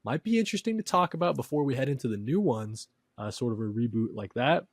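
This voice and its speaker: A man's voice: mid-range voice, expressive, quick pace, no room sound. Upbeat man hosting a podcast, dry sound. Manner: upbeat, laid-back, says "dude" a lot. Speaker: podcast host. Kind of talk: casual podcast chat.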